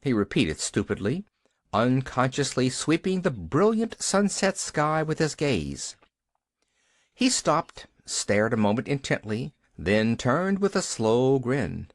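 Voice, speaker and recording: Animated audiobook narrator, dry sound. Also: mid-range voice, slow pace, no echo. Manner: expressive, animated reading. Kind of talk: scripted storybook narration.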